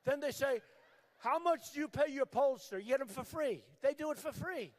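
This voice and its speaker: An older man giving a campaign rally speech at a podium microphone, repetitive and emphatic, shouting at times. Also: very high voice, normal speed. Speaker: political candidate. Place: large rally venue.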